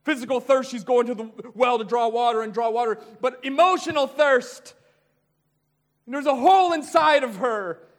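A man preaching a sermon, dropping into hushed low asides and then building to loud, raised passages. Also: normal speed.

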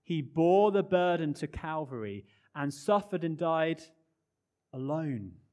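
Earnest male preacher, hushed and rising. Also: lively intonation, takes it slowly. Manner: earnest, swings from loud emphasis to hushed low phrases. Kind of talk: sermon.

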